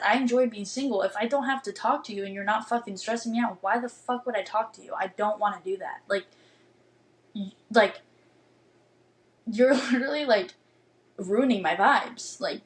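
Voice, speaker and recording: In poor audio, a woman in her twenties with a mid-range voice hosts a podcast. She tells a dating story as a casual monologue, ranting bluntly and emphatically in an animated way, with lots of swearing and "like" fillers.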